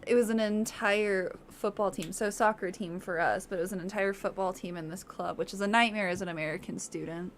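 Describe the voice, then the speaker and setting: A woman's voice: mid-range voice, steady tone, a little fast, few pauses, slight background noise. A woman with a Southern US accent chatting casually on a livestream, laughing often. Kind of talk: casual chat.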